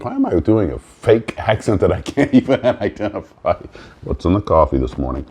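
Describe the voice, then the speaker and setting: A man's voice: fairly low pitch, sing-song, normal speed, darkish tone, husky. A man hosting a casual morning vlog about model building, who rambles with many fillers and restarts. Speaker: model-building channel host.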